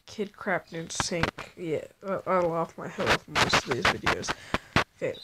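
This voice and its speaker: A woman's voice: on the low side, animated, slow pace, long pauses, heavy background noise. A woman chatting casually in a rambling, self-deprecating way as she ranks her favorite video makers. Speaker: YouTube vlogger. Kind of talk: casual vlog commentary.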